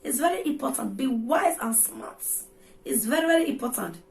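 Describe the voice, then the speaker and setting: A Nigerian woman lectures her viewers in a vlog, her voice sitting high. She scolds and repeats her points, sliding between English, Pidgin and Yoruba. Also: lively intonation, normal speed, creaky, a little hiss or hum. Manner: scolding, preachy and repetitive. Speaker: vlogger. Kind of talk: ranting vlog monologue.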